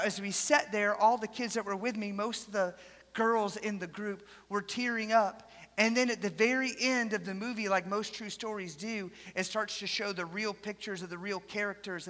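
A preacher with a bright, forceful voice giving a sermon in a church sanctuary. The delivery is animated storytelling that jumps between loud bursts and hushed asides. The sound carries the long reverb of a big hall. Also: mid-range voice. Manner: animated storytelling with dramatic swings in loudness.

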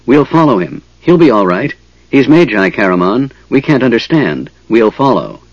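A man's voice: medium pitch, very animated, moderate pace, no room sound, dull audio. A man voicing a weary male half-elf leader who speaks in a steadying, reasoning tone. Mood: urgent.

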